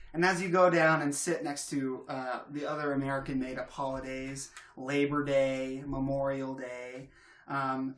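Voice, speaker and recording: A man narrating a tabletop game as game master, relaxed and halting, with fillers and frequent laughs. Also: medium pitch, reverberant.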